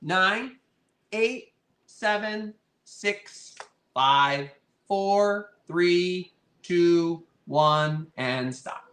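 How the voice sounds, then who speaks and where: A chatty, friendly man runs a live online vintage sale, his voice sitting a little higher than most men's. He talks casually to his viewers and keeps thanking them. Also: extremely slow, fairly bright tone. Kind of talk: casual live-stream chat.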